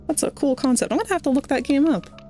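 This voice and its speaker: A woman's voice: sits high, lively intonation, quick pace, mellow, faint music behind. A woman from Maryland chatting casually on a livestream while playing a game, rambling through stories with self-deprecating asides. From Maryland, United States. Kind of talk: casual chat while gaming.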